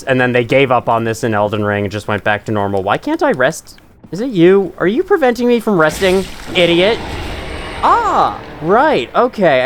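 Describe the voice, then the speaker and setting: A young man hosting a casual let's-play with chatty, self-mocking asides, his nose runny from allergies. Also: mid-range voice. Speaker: gaming channel host.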